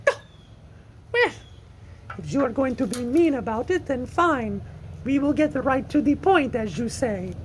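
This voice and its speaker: A woman's voice: sits high, lively intonation, unhurried, long pauses, slight background noise, rough recording. A woman voicing a theatrical, gushing would-be Southern belle in an amateur audio drama, with a flouncy, sugary manner. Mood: sulky.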